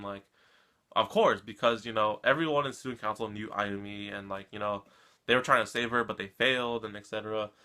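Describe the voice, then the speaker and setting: Bright-voiced man recapping an anime. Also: on the low side. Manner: rambling, keeps tagging "right?". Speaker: anime reaction vlogger. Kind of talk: casual episode recap.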